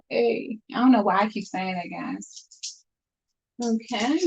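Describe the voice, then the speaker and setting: A woman's voice: mid-range voice, takes it slowly, gravelly, a little mellow, slight background noise. A woman selling her handmade bracelets on a live stream, chatty and upbeat as she talks straight to her viewers from home. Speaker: jewelry seller on a live stream. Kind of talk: casual live sales chat. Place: room at home. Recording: dull lo-fi stream audio.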